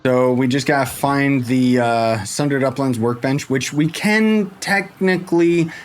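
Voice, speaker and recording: A man giving casual commentary for a game tutorial, rambling playfully with jokey asides and sudden jumps in pitch, into a desk microphone. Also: a little slow. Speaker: game guide creator.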